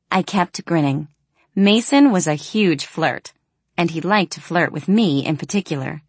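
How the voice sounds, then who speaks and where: A woman narrating a first-person audiobook in an expressive, storytelling way. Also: lowish voice, unhurried, husky, no echo.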